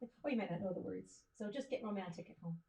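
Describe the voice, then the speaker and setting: A woman's voice: medium pitch, fast, gravelly, mellow. A woman hosting a music livestream, chatting and joking directly with her viewers between songs. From Canada. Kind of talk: casual chat between songs. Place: home livestream setup, in front of cameras.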